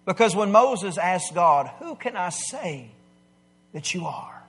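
A man preaching a sermon, swinging from quiet asides to loud, emphatic declarations. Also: high-pitched, big pitch swings, slow pace, a little hiss or hum. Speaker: pastor.

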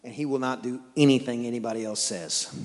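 A man from East Texas with an East Texas accent preaching a sermon as pastor, telling stories with animated, stammering restarts. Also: mid-range voice, a little fast, long reverb tail. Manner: animated storytelling with repeated restarts.

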